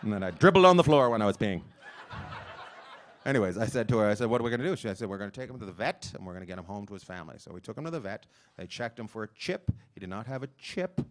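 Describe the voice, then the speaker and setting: A male stand-up comedian on stage before a live audience, telling a loud rambling story and acting out the voices of his wife and his dog. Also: fairly low pitch, lively intonation, rapid-fire. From lives in Long Beach, California.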